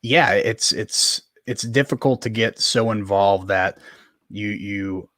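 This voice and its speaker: Earnest man with a low, dry voice. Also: slow pace, a bit bright, dry recording. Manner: earnest, many fillers. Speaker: podcast host. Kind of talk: casual conversation.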